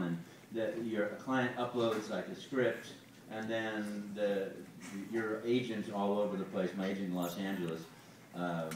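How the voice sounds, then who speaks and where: A man answering fan questions at a panel, animated, with many "you know"s and hummed tunes. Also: fairly low pitch, slight background noise. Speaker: guest voice actor at a fan panel. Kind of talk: casual Q&A with an audience. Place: large convention hall. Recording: echoey hall recorded from far off.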